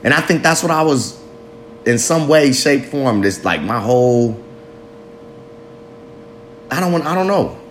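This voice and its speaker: A man's voice: medium pitch, animated, measured pace, long pauses, a little hiss or hum. A man in his late thirties talking candidly to the camera in a rambling, self-mocking, heavily profane confessional monologue. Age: 30s.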